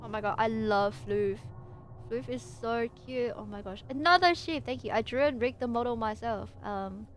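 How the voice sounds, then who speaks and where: A young woman with a fairly high voice chats on a livestream, rambling and giggling as she reads. She stumbles over words and fills gaps with "um" and "like." A faint hiss sits under her voice. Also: fairly even intonation, normal speed. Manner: rambling, giggly, lots of fillers and restarts. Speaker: VTuber streamer. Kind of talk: casual livestream chat and reading.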